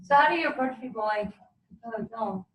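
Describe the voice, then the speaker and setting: A woman's voice: a little high, expressive, brisk, a little hiss or hum. A woman leading a casual group discussion, encouraging others and prompting them with questions. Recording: echoey room, distant mic.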